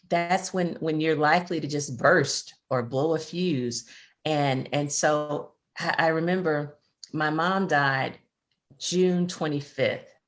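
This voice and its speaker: A woman's voice: deep voice, a bit bright. A middle-aged woman co-hosting a faith-based chat, speaking earnestly and reflectively, often repeating words as she finds them. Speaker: podcast co-host and grief expert.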